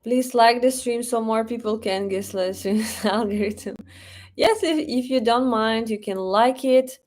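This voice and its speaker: A young Russian woman with a Russian accent hosts a relaxed live stream from home. She talks slowly in a fairly high voice. She is chatty, laughs often and fills gaps with "like" and "uh.". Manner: chatty, laughs often, thinks aloud with fillers. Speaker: livestream host. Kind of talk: casual live-stream chat reading comments. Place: home in Moscow.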